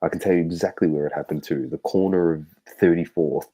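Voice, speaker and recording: A man's voice: low voice, steady tone, a little fast, mellow, husky, rough recording. An Australian man co-hosting a sports podcast, telling stories in a loose, sweary, laughing way. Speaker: podcast co-host. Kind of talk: casual sports podcast chat.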